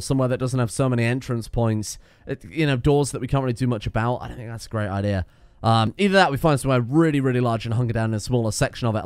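A young man giving casual let's-play commentary, excitable, swearing and shouting at his teammates. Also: medium pitch, dry recording. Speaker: gaming video host.

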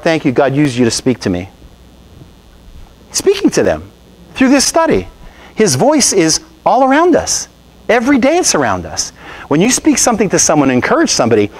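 A pastor preaching to his Bible study group in a loose, talky way. He keeps asking questions, quotes scripture, and acts out the remarks people make to him. His voice sits a bit high for a man and swings widely as he preaches. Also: rough recording. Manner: animated, conversational preaching with asides and rhetorical questions.

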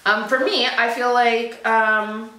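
A woman's voice: fairly high pitch, fairly even intonation, slow, sharp tone, slight background noise. A woman, chatting casually as a vlog co-host in a frank, teasing way. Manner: frank, teasing, talks things through. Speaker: vlogger co-host. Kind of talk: casual chat. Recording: roomy sound, mic at a distance.

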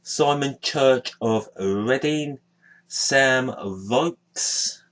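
Slow, unhurried man presenting his collection. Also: medium pitch, a bit bright. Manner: unhurried, listing names one by one. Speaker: sticker album collector, video host. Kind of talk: casual show-and-tell narration.

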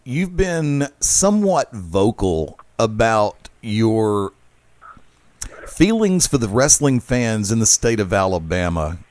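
A man's voice: fairly low pitch, big pitch swings, slow pace, a little mellow, dry recording. A man hosting a radio interview, questioning a guest and plugging an upcoming event in announcer style. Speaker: radio show host.

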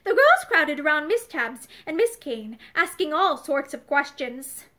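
Bright, lilting woman storyteller. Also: high voice, measured pace. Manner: expressive, storytelling delivery. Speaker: audiobook narrator. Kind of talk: reading a vintage novel aloud. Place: indoors, seated facing camera. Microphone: camera-facing recording.

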